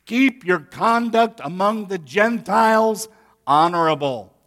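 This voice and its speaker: A man's voice: high voice, expressive, takes it slowly, a bit bright. A pastor preaching a sermon to his congregation, talking to them directly in a folksy way. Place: church sanctuary.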